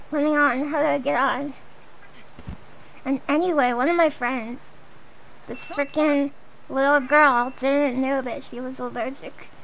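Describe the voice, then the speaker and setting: A woman's voice: sits high, a bit bright, a little hiss or hum, low-quality recording. A young woman streaming a game, chatting in a goofy, rambling way with frequent giggles. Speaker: vtuber streamer. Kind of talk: playful game-streaming chat.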